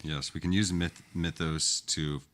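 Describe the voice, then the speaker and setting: A man co-hosting a podcast in casual chat, affirming his partner and quick to laugh. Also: very deep voice, steady tone, fairly bright tone. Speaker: podcast co-host.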